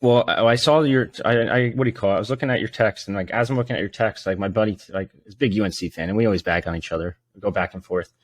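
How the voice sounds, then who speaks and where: A man co-hosting a sports podcast who tells stories in an animated way, swearing and laughing freely. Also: lowish voice, racing, hardly any pauses. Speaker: podcast co-host. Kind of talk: casual sports podcast chat.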